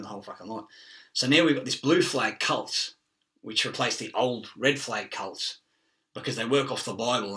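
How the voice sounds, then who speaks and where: Brief: middle-aged man, bright edgy tone, swearing, laughing, riffing on word origins, sitting back from the mic. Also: lowish voice, far from the mic. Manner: profane, laughing, chasing wordplay and word origins. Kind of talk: rambling monologue.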